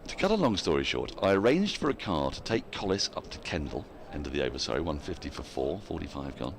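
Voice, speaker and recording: Deep-voiced, lively male cricket commentator. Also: quick pace, creaky, a little hiss or hum. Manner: chatty, laughs often, reads out listener emails.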